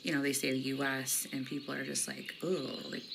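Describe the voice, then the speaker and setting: A chatty woman tells a family story in a low voice, full of ums. Noise is clearly audible behind her. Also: monotone, quick pace. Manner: chatty, many fillers, laughs. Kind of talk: casual storytelling. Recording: noisy recording.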